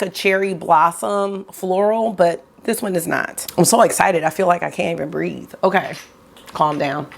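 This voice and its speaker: A chatty woman talks straight to her viewers in a relaxed, gushing way. Her voice sits at a middle pitch with a gravelly, fry-edged texture. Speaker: beauty vlogger. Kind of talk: casual haul chat to camera.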